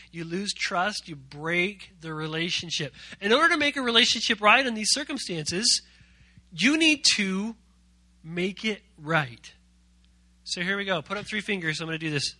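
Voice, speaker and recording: High bright-voiced joking youth pastor. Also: male voice, normal speed, no echo. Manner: playful, jokey, quizzes the audience. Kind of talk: youth sermon.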